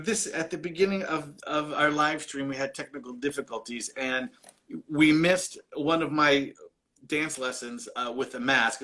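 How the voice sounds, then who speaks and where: A man hosting a live-stream interview show, upbeat and quick to laugh. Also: mid-range voice, fairly bright tone. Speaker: host and dance instructor.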